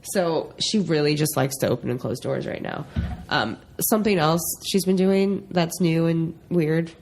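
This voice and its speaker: A woman's voice: sits low, moderate pace, vocal fry, darkish tone. A young woman co-hosting a casual podcast, laughing often as she tells stories. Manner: giggly, laughs often while telling stories. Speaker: podcast co-host. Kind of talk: casual chat.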